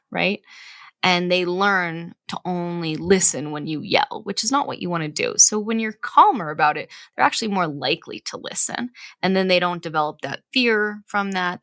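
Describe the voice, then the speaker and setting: A mother in her thirties talks through parenting advice on a podcast, earnest and explanatory, with frequent "right?" check-ins. Her voice sits a little low and has a gravelly edge. The sound is dry and close. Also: fairly bright tone, no room sound. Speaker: podcast co-host. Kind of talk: casual parenting chat.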